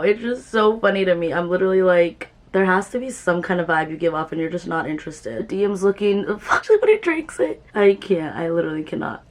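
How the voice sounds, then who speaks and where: A young woman talks quickly and loosely, sprinkling "like" through every sentence as she does her makeup. Her voice sits at an ordinary middle pitch, and her tone is relaxed and conversational. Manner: chatty, rambling, full of "like" fillers. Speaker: beauty vlogger. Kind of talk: casual chat while doing makeup.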